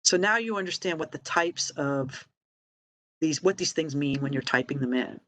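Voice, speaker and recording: A woman's voice: deep voice, normal speed, fairly bright tone. Chatty woman walking through a tutorial. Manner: chatty, explains step by step with fillers and asides. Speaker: library webinar presenter. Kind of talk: casual online tutorial.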